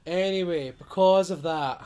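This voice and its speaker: Young guy doing a let's play, kinda high voice, rambly, trails off a lot. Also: a little slow, a little mellow, clear, resonant tone. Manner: rambling, trails off and self-corrects. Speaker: gaming channel host. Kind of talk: casual let's play chat.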